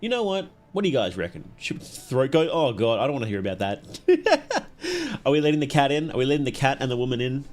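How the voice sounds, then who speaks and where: A young male streamer commentates his game live with an animated, bouncy voice that rises and falls a lot. He chats loosely, laughs often and reads the characters' lines aloud as he plays. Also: mid-range voice, quick pace, soft background music.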